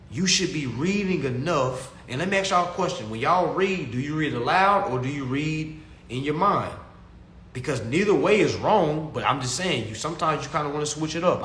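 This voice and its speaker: A medium-pitched, slightly bright male voice comes through with slight background noise. The young man teaches consumer law to his followers in a casual, preachy, repetitive style, calling them family, in an echoey room with faint ambience.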